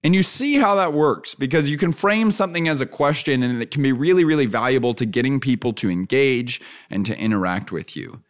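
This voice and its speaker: A man hosting a solo podcast who teaches in an earnest way. He repeats his key phrases and keeps adding asides like "right?". He turns lively and laughs easily when he acts out examples. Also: medium pitch, a little fast, hardly any pauses. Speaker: podcast host.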